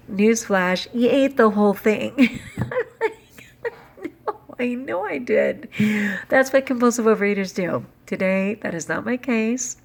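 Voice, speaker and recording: A middle-aged woman vlogging casually to camera, candid and animated, with lively jumps in pitch. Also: measured pace, creaky, long pauses.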